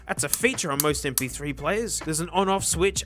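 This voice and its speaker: Excitable Australian man saying "mate". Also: fairly high pitch, normal speed. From South Australia. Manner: excitable, slangy, says "mate" constantly. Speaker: tech reviewer and host. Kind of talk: comedic video monologue. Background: background music.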